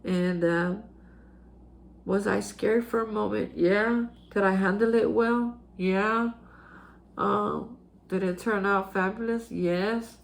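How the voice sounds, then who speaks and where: A woman's voice: mid-range voice, fairly even intonation, takes it slowly, vocal fry. A woman hosting a recovery reflection, telling a personal story in an earnest, emotional way, with many fillers and restarts. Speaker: host sharing daily recovery reflections.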